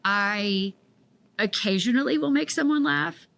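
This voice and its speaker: A woman hosting a podcast interview, asking her questions in a measured, unhurried way. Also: fairly high pitch, gravelly, a bit bright. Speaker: podcast host.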